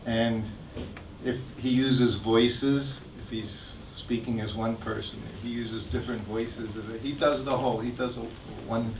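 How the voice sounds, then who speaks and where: An older man tells animated, laughing anecdotes in a plain mid-range voice. He is recorded from a distance in an echoey temple hall with faint background noise. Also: mid-range voice, measured pace. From United States. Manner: animated, laughs while telling stories. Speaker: guest speaker sharing memories. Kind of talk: anecdotal storytelling talk.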